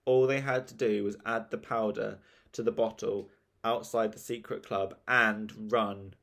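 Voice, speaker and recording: A man reading a children's story aloud in a relaxed, playful way. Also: lowish voice, a little slow, creaky.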